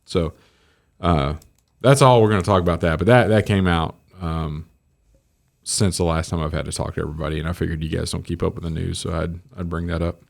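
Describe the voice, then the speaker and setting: A man's voice: low-pitched, steady tone, fairly quick, vocal fry. A man co-hosting a podcast in casual chat, teasing the others with jokes. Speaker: podcast co-host.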